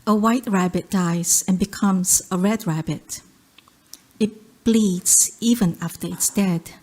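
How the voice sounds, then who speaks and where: A woman from South Korea with a Korean accent, reading her poetry aloud in a measured, rhythmic recitation. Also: medium pitch, warm tone. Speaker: poet.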